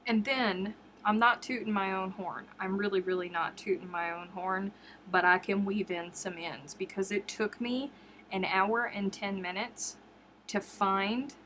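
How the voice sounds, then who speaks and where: A woman chatting casually on her crochet livestream, telling stories in a lively, chatty way. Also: unhurried, slight background noise. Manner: chatty storyteller, jumps high acting out quotes.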